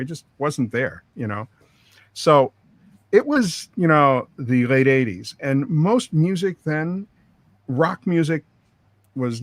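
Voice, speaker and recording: A man's voice: medium pitch, no room sound. A middle-aged man, a record producer, telling long rambling studio stories full of quoted dialogue. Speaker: record producer, interview guest. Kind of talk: storytelling interview.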